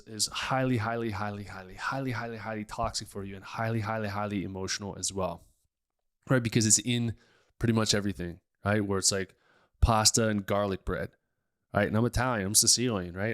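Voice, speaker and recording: A man's voice: lowish voice, smooth. Blunt man giving health advice. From United States. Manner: blunt, emphatic, repetitive. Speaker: chiropractor-style health podcast host. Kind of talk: casual health advice talk.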